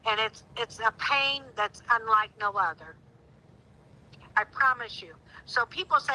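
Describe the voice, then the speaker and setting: Brief: middle-aged woman, very bright and slightly high voice, earnest and emphatic. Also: unhurried, rough recording. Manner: heartfelt, rising to indignant outbursts. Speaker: guest. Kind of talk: emotional phone-in conversation.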